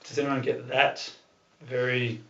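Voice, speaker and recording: Male presenter at a club, mid-pitched and chatty, recorded from a distance with a dull sound. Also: level tone, a little slow, creaky, a bit bright. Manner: loose and chatty, with many fillers and the odd swear. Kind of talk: casual talk to a small group. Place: room with a group of listeners. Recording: echoey room, far from the mic, dull sound.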